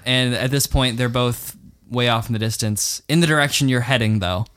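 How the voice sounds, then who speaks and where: A man's voice: mid-range voice, normal speed, a bit bright, clear, resonant tone. A man running a tabletop game and co-hosting a casual podcast, laid-back with dry humor. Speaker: game master and co-host.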